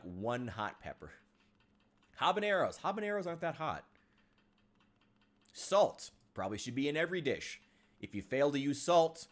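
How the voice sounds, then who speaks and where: Streamer, male, from Illinois: swings his pitch a lot, vents and swears freely over gameplay. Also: a bit bright. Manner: frustrated ranting, swears often, sighs. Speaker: game streamer. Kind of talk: casual live-stream chat while gaming.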